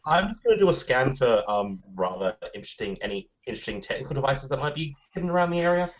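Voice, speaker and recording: A man's voice: medium pitch, big pitch swings, fast talker. A man playing a tabletop game, chatting in a wry, casual way, on a dull lo-fi recording. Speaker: player.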